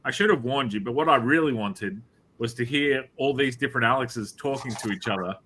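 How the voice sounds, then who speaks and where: A man's voice: mid-range voice, brisk, pushed and bright, slight background noise, low-quality recording. A man with an Australian accent hosting a casual online show, jokey and teasing with his guests. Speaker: host.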